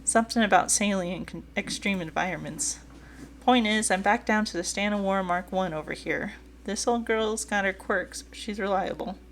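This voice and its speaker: A woman's voice: medium pitch, moderate pace, fairly bright tone, slight background noise, natural voice. A woman voicing a folksy, joking older male boat owner with a light put-on Southern drawl while reading a dating game aloud. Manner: teasing, folksy storytelling.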